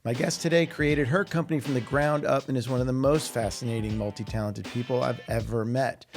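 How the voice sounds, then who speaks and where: A man's voice: medium pitch, fairly even intonation, a little fast. Man, podcast host, casual banter, playful, faint background music.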